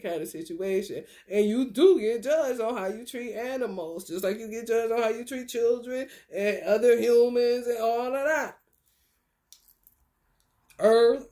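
A high-pitched woman speaking with in a loose, chatty spiritual talk. She laughs often and swings from low murmurs to bright bursts. It sounds like a tarot reader talking straight to her viewers. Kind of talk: casual spiritual monologue.

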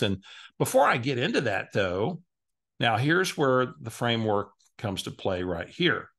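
A man's voice: medium pitch, big pitch swings, measured pace, vocal fry, fairly bright tone. A middle-aged man presenting a training video as a real estate sales coach, explaining a method step by step and acting out sample phone calls.

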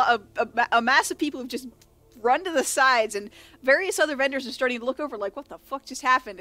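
A woman running a tabletop game as game master, narrating with frequent laughter and tumbling restarts. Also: high voice. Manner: laughs often while narrating, animated with many restarts.

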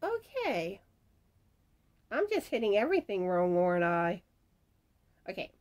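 Sing-song and a little mellow, her lowish voice moves at a normal speed. The middle-aged crochet host is at home, laughing frequently as she reads out comments from viewers and announces who won the giveaway, a screen door rattling in the wind.

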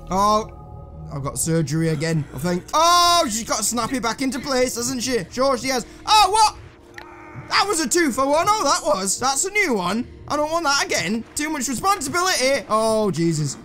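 A man's voice: extremely high pitch, big pitch swings, normal speed, pushed and bright, faint music behind. A young man commentating on a puzzle game, talking to himself and the characters, swearing and mocking himself. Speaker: gameplay commentator. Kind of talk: casual let's-play commentary.

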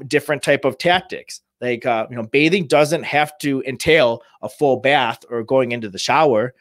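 A man who works in home care, giving informal advice to families and talking in halting bursts full of restarts and fillers. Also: mid-range voice, dry recording, clean studio sound. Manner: halting, many restarts and "you know" fillers.

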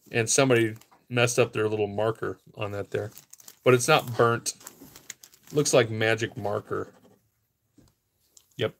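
A man hosting a live online auction, calling out bids steadily with casual asides in between. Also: medium pitch.

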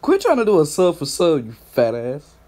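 A man's voice: huge pitch swings, normal speed. Young man trash-talking in a raised voice. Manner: mocking, laughing, loud call-outs; put-on higher voice instead of his deep one. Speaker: YouTube commentator. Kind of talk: profane trash-talk commentary.

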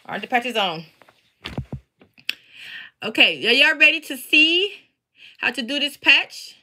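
Woman, friendly craft-seller host talking straight to camera, casual live chat, bright tone. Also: sits high, very animated, a little slow, slight background noise. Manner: chatty, talks straight to viewers. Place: home basement.

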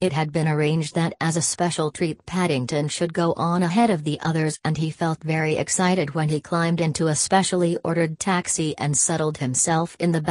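Woman, audiobook narrator, low voice, measured, dry close sound. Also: darkish tone, no echo. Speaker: audiobook reader. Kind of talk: storybook narration.

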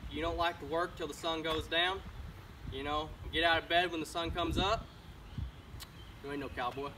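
A man's voice: a little high, fairly even intonation, moderate pace, lightly acted. A man putting on a swaggering cowboy. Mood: boastful. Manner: swaggering, folksy, mocking. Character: boastful macho cowboy man, rancher. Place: outdoors beside a pickup truck. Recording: distant mic with outdoor vehicle noise.

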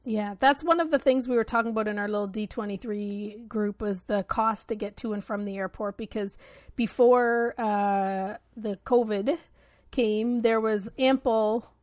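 A woman's voice: medium pitch, moderate pace, darkish tone, no echo, studio quality. A woman co-hosting a podcast in casual chat, easygoing and rambling with many fillers. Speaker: podcast co-host.

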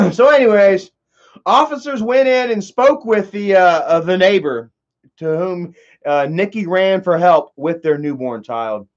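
Young guy, high voice, rambling and profane, on dull lo-fi audio. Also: a little slow. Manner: profane, rambling, laughs often. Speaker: commentary vlogger. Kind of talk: casual rambling commentary.

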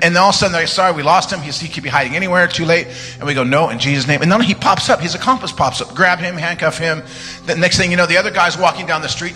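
A man preaching a live church sermon, telling stories with joking asides and sudden shouted commands. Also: on the high side. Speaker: guest preacher. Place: church sanctuary. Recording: live church sermon, reverberant hall, music underneath.

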